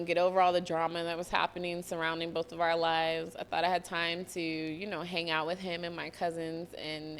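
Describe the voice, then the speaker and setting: Young woman, podcast host, bright voice, candid, casual swearing, emotional storytelling. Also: lowish voice, vocal fry, slight background noise. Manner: candid, swears freely, laughs and nearly cries.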